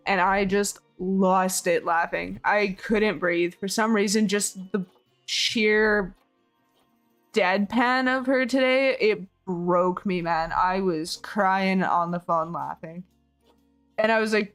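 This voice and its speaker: A hoarse woman streamer chatting casually with her viewers, rambling, laughing often and swearing freely. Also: medium pitch, slow, soft background music. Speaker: game streamer. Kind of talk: casual chat with viewers while building.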